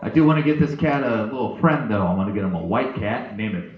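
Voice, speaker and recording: A young man performing a stand-up comedy set, animated and jumping into loud high voices for characters. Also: quick pace. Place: comedy club stage. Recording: echoey, dull low-fi live recording.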